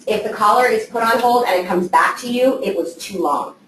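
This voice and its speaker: A woman's voice: fairly high pitch, brisk, a bit bright. A woman giving a casual training talk to a live group of assistants, checking in with them often. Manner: conversational, checks in with "okay?". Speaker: trainer for real estate assistants. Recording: echoey room, voice from far off, faint noise.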